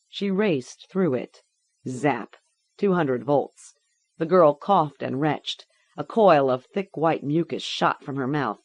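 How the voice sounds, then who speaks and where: A woman reading a grim story aloud in a measured, deliberate way. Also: sits low, no echo. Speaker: audiobook narrator. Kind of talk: scripted audiobook narration.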